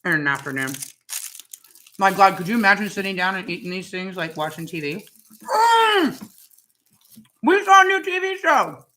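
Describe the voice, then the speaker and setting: A woman's voice: medium pitch, very animated, normal speed, pauses often, bright, forceful tone, low-quality recording. A woman hosting a casual home vlog, chatting while she taste-tests snacks and exclaims over the food. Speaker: vlog host.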